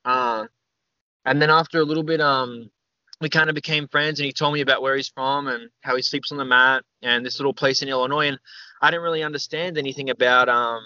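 A man's voice: mid-range voice, steady tone, fairly quick, sharp tone, no echo. A young man, a podcast guest, telling stories in a loose, rambling way, full of "like" and "man". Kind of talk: casual storytelling interview. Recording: slightly dull, dry recording.

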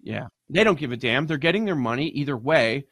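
A man's voice: mid-range voice, expressive, fairly quick, a bit bright, no room sound, clean studio sound. A man ranting indignantly about sports betting in casual talk-show chat.

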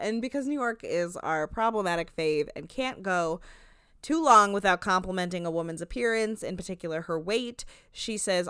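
A young woman with a New Jersey accent hosting a casual recap chat, animated and profane. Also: fairly low pitch, moderate pace, smooth, dry recording, clean studio sound. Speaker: podcast host.

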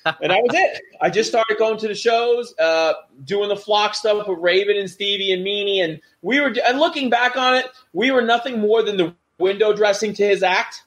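A man's voice: high-pitched, normal speed. A middle-aged man, a former wrestler, telling backstage stories in a casual chat and acting out the voices of people he quotes. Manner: animated, acts out quoted voices. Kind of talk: casual storytelling.

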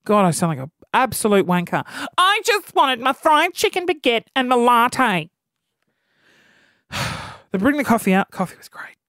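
A very high-pitched man in his thirties speaks at normal speed as he hosts a podcast, ranting for laughs about what annoys him. He's exasperated and animated, heard in clean studio sound with no room sound.

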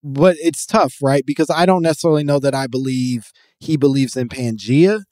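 A man's voice: medium pitch, moderate pace, warm tone, dry recording, studio quality. A man hosting a casual podcast chat, explaining at length with many fillers and restarts. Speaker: podcast host.

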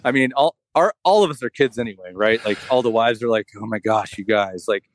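A man's voice: lowish voice, expressive, fairly quick, dry recording. A man telling a long story in casual chat, rambling with lots of "like" and "you know".

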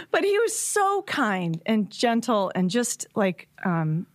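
Woman chatting, laughs a lot, lively storyteller, dry close sound. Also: on the high side, takes it slowly, no room sound. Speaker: podcast guest. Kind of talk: casual chat.

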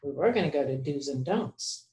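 A woman's voice: sits low, animated, moderate pace, warm tone, reverberant. A woman co-hosting a podcast, explaining writing rules in a conversational teaching manner. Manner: explanatory, gives rules of thumb. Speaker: podcast co-host.

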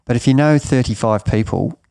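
A man's voice: medium pitch, fairly quick, vocal fry, darkish tone, clean tone, no room sound, clean studio sound. A middle-aged man giving emphatic coaching advice in an interview, often repeating and restarting his words. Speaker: triathlon coach.

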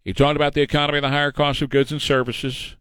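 A middle-aged man hosting a talk show, delivering a combative, sarcastic political monologue at a fast clip. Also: a little high, level tone, a bit bright, clear, resonant tone, dry recording. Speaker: radio talk show host.

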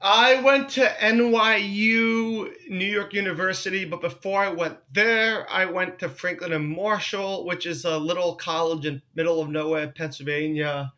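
Thirties guy w a really high bright voice, excitable podcast rant, swears a lot. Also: moderate pace, hardly any pauses. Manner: excitable, swears often, laughs at own jokes. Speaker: podcast co-host. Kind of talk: casual podcast chat.

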